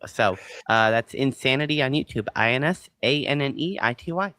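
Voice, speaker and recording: A woman appearing as a guest streamer, chatting casually with a halting delivery. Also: a bass voice, lively intonation, a bit bright, a little hiss or hum. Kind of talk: casual chat.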